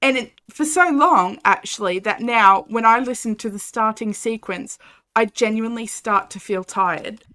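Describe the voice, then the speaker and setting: A woman's voice: fairly high pitch, normal speed, bright, forceful tone. A young Australian woman chatting casually and animatedly while streaming a game, reading chat and laughing often.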